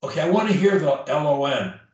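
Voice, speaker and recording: A man's voice: a little high, expressive, a little fast, darkish tone, muffled recording. A man coaching a client one-on-one through speech drills, emphatic and demonstrating each drill aloud. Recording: very echoey room, mic at a distance.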